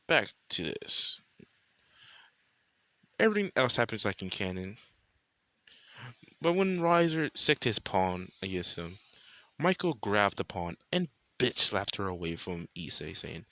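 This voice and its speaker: Brief: young male storyteller, rambling and foul-mouthed, low voice but lively, bright tone, dry close sound. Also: a little slow, creaky, long pauses, no echo. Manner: casual, rambling and profane, heavy slang. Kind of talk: improvised fan-fiction storytelling.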